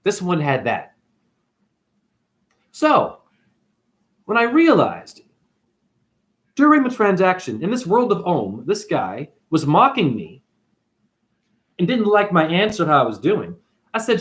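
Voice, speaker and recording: A man telling a story in a casual, ranting monologue, with big swings in pitch as he goes. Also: wildly swooping pitch, normal speed, long pauses, fairly bright tone. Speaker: spiritual vlogger.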